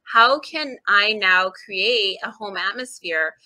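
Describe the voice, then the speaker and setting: Her voice is medium-pitched and slow, and the audio quality is poor. She's a forties-aged book author on a podcast, telling animated stories expressively, laughing readily, and performing the voices of people she quotes.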